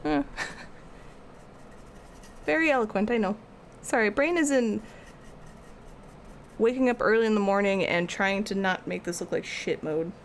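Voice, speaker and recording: A woman's voice: mid-range voice, a little slow, long pauses, a little hiss or hum. A young woman art streamer rambling casually as she answers her live chat.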